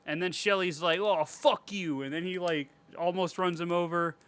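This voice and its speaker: A man co-hosting a podcast, recapping a movie in casual, profane chat, laughing a lot and getting loud and excited when he retells scenes. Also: sits high, a little fast, clear, resonant tone. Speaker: podcast co-host. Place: home, cat in the room.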